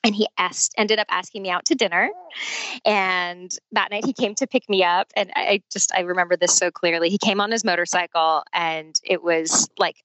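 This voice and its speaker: A woman in her forties, a podcast guest telling a personal story in a lively, casual way and laughing often. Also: fairly low pitch, moderate pace, no room sound, poor audio.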